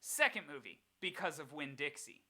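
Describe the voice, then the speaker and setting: Animated young podcast co-host. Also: medium pitch, moderate pace, noisy background. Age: young adult. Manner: animated storyteller. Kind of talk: casual chat.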